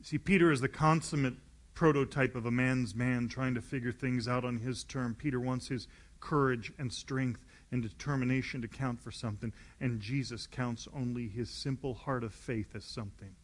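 A man's voice: medium pitch, fairly even intonation, moderate pace. Man preaching a vivid sermon. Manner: vivid storytelling, acting out scenes.

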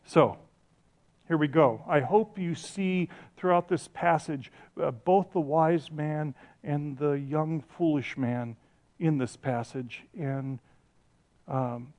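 A middle-aged man preaching a sermon with a fairly high voice. He speaks passionately, telling stories and restarting his sentences as he goes. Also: a little mellow. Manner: passionate, storytelling with restarts and self-corrections. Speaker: pastor.

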